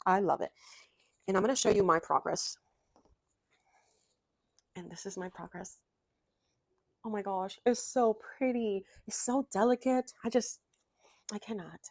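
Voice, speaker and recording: A young adult woman chatting excitedly about cross stitch in a casual vlog from her home craft room, rambling and gushing with lots of fillers. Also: mid-range voice, a little slow, pauses often, no echo.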